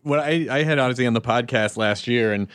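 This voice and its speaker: A man hosting a podcast, chatting casually and reacting with quick jokes. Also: mid-range voice, a bit bright, dry recording. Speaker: podcast host. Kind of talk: casual interview chat.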